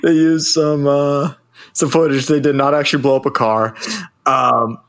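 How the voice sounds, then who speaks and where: A man's voice: medium pitch, little pitch movement, normal speed, a bit bright. A man co-hosting a podcast, chiming in with jokey asides about a film, laughing often and hesitating with fillers. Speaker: podcast co-host. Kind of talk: casual film recap chat.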